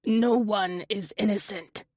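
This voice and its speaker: A woman voicing an old male lizard servant who speaks in broken, halting English, anguished and loyal, in an audiobook. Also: medium pitch, steady tone, darkish tone, dry recording, studio quality. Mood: grim.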